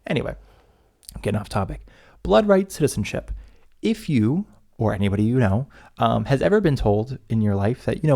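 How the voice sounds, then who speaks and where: A man's voice: medium pitch, very animated, fairly quick, vocal fry, warm tone. A man co-hosting a podcast in casual chat, rambling and often breaking off mid-sentence. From United States. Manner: rambling, self-interrupting, chatty. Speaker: podcast co-host.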